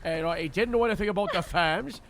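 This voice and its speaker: A man's voice: sits high, fast talker, a bit bright, slight background noise. A man roleplaying a police lieutenant, hesitant and full of fillers as he explains things in character. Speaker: streamer playing a police lieutenant.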